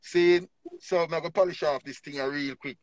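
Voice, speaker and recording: A man with a Jamaican accent preaching emphatically on a livestream, swinging between low murmurs and loud bursts. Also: fairly even intonation, moderate pace, no room sound. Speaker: livestream speaker.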